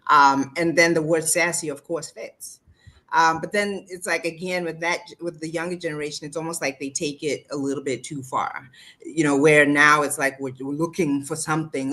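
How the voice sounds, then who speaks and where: A woman guest on a casual panel discussion, speaking in a measured, explanatory way. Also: low voice, bright, forceful tone.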